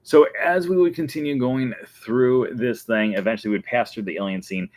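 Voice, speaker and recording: A man's voice: mid-range voice, normal speed, darkish tone, dry recording. A man hosting a casual fan show, talking enthusiastically and laughing often. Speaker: host. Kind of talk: casual chat.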